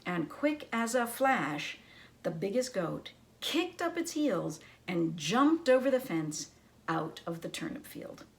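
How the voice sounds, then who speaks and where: A woman librarian reading a children's story aloud in an expressive, teacherly way. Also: mid-range voice, slow pace, creaky.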